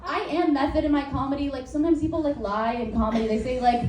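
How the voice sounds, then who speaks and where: A woman's voice: high voice, fairly even intonation, quick pace, darkish tone. Rambling woman comic, distant roomy recording. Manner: rambling, self-interrupting, laughs at own jokes; frank, crude, filler-heavy. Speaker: stand-up comedian. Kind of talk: stand-up set, work in progress. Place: live comedy venue with audience. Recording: roomy, distant live recording with faint noise.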